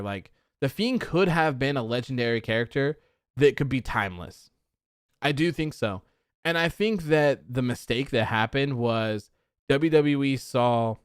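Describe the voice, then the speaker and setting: A man's voice: mid-range voice, clean tone, no echo, studio quality. A young man hosting a casual wrestling livestream, rambling in frustration and reading chat comments aloud. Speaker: livestream host.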